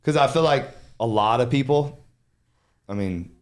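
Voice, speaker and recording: A man's voice: mid-range voice, animated, normal speed. A man hosting a podcast, talking candidly and casually, with frank swearing and reflective asides. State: emotional. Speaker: podcast host. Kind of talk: casual interview chat.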